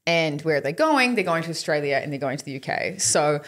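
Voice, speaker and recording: A New Zealand woman co-hosts a relaxed podcast, talking through economic news at an easy, explanatory pace. Her voice sits a little low for a woman. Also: brisk. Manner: explanatory, acts out quotes. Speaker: podcast co-host. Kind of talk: casual chat.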